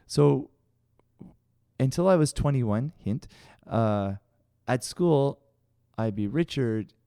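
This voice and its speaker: Animated Canadian man telling stories. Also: medium pitch, slow pace, smooth, no echo, studio quality. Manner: animated, acts out quoted voices, laughs often. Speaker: podcast co-host. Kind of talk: casual storytelling chat.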